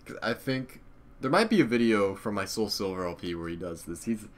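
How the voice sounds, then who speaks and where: A man's voice: lowish voice, expressive, a little fast. A young man, a YouTuber, rambling casually and profanely about old channels, laughing often. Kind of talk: casual nostalgic commentary.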